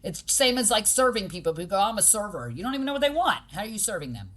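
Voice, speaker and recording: A woman speaks as a guest in a conversational interview, direct and pragmatic in her manner. Her voice sits at a medium pitch. She puts emphasis on her points and acts out the people she quotes as she goes. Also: big pitch swings, very fast, a bit bright. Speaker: podcast guest, boxing gym owner.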